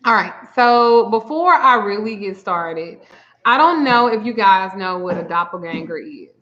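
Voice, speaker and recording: A woman's voice: medium pitch, measured pace. A woman spiritual reader telling a story in a casual livestream, acting out both sides of a phone call. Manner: chatty, animated retelling, acts out both sides of a call. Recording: slightly dull lo-fi audio.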